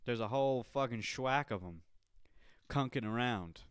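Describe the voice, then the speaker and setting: Hyped guy hosting a podcast, cursing a lot, smooth clear voice, dry close sound. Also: mid-range voice, normal speed, dry recording. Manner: excitable, swears freely, calls listener dude. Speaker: podcast host. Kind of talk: casual chat.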